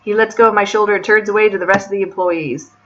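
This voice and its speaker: A woman's voice: medium pitch, steady tone, quick pace, dull audio, background noise. Sarcastic, swearing gamer woman. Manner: chatty and sarcastic, swears freely. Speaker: game let's player. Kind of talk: casual let's-play commentary reading a visual novel.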